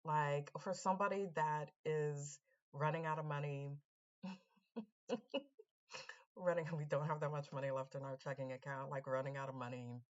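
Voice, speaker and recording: A woman with a notably low voice tells a story to her viewers in a relaxed, chatty vlog. She talks animatedly, circles back and repeats her points, and speaks to the audience directly. The sound is a little dull and lo-fi. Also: normal speed, pauses often. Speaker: vlogger. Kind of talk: casual storytelling to camera.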